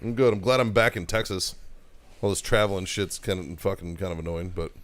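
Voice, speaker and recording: A man's voice: low-pitched, brisk, fairly bright tone. A man co-hosting a podcast, chatting in a laid-back way and swearing a lot. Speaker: podcast co-host. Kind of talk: casual chat.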